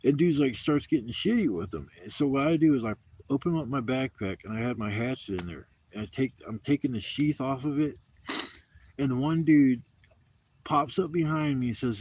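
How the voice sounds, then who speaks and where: A man's voice: mid-range voice, normal speed, darkish tone, husky. Man, outdoor camp livestream, rambling storyteller, lots of swearing, casual. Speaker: camping livestreamer. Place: outdoor campsite.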